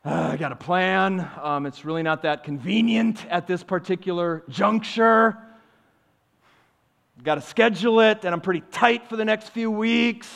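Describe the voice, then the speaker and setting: A man's voice: high-pitched, normal speed, creaky, fairly bright tone. A male pastor briefly voicing a hesitant churchgoer who makes excuses, in a hedging, reluctant way. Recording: long reverb of a large hall.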